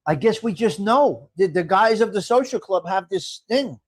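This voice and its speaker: A man's voice: high voice, expressive, normal speed, breathy edge. A middle-aged man hosting a casual livestream, reading viewer comments and chatting in a rambling way with frequent laughs. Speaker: livestream host.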